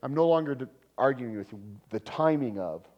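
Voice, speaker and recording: A man preaching a sermon in a lively, conversational way, with laughs and sudden loud emphasis. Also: medium pitch, a little fast, muffled recording. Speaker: pastor.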